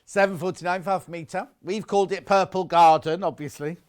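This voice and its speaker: A man's voice: high-pitched, steady tone, a little fast, clean tone. A man presenting fabrics on a live shopping channel, chatty and jokey as he teases the crew.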